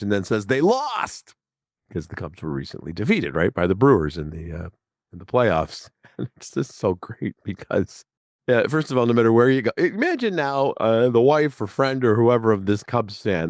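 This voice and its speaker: A man in his sixties from the Chicago area talks through a casual podcast monologue. His low voice wanders from one point to the next with frequent chuckles. The sound is dry and close to the mic, with no room around it. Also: no room sound. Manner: chatty, digressive, chuckling often. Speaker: podcast host.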